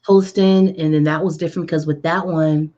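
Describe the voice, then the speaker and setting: Woman radio host, lowish voice, animated storyteller, dull lo-fi sound. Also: moderate pace. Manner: animated, acts out quoted dialogue. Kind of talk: casual interview storytelling. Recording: dull lo-fi audio.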